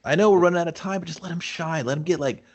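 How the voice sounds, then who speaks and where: A man co-hosting a casual movie review podcast speaks rapid-fire in a fairly high, slightly mellow voice, with the highs cut off. He swears freely, rambles, and acts out scenes and quotes.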